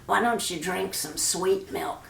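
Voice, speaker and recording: Old storybook cow, slow and low, gentle woman voicing it. Echoey room. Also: vocal fry, distant mic, a little hiss or hum. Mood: weary. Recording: roomy echo.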